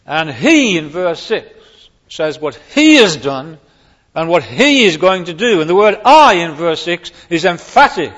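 A man's voice: on the high side, sing-song, unhurried, a bit bright. A man preaching a sermon on a psalm, stressing key words emphatically and rising sharply on them. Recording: long hall reverb, dull lo-fi sound.

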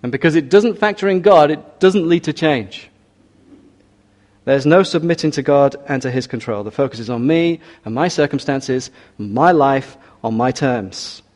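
A man preaching a sermon in an earnest, measured way, often asking his listeners rhetorical questions. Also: medium pitch, darkish tone.

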